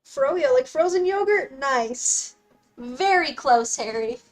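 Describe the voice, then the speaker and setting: A young woman streaming a game, chatting casually with her viewers in a bubbly, excitable way, often breaking off to talk to her dog. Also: sits high, slow, faint music behind. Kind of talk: casual live-stream chat reading comments. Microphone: desk mic, dog close by.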